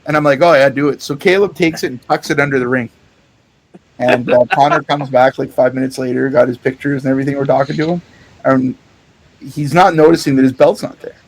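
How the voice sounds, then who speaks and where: A man's voice: medium pitch, steady tone, brisk. A man co-hosting a podcast, animatedly telling a story in casual chat, swearing freely and laughing often. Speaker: podcast co-host. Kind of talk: casual chat, recounting a show.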